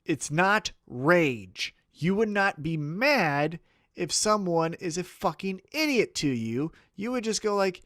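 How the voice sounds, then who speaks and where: A man co-hosting a wrestling podcast, chatting casually in a fairly high, lively voice that swings widely in pitch. He swears freely and keeps slipping into mock voices to act out quotes. The sound is dry and close. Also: slow, no echo. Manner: animated, profane, acts out mock quotes.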